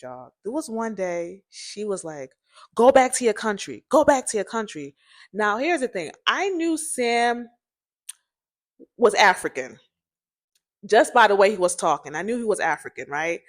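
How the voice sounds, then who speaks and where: A woman casually telling a personal story to her viewers, chatty and animated, often turning to address them directly. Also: medium pitch, measured pace. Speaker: storytime vlogger.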